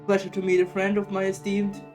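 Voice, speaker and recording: A woman's voice: mid-range voice, monotone, a little fast, music in the background, natural voice. A woman putting on a pompous talking book. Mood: sardonic. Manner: pompous, sardonic. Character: haughty male talking book, sarcastic.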